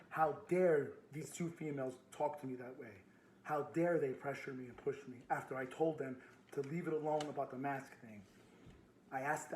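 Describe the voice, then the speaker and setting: A man's voice: fairly high pitch, mellow, roomy sound, a little hiss or hum. A man on a phone call with a store, complaining as a customer, aggressive, repeating his demands and swearing a lot. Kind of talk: heated phone argument.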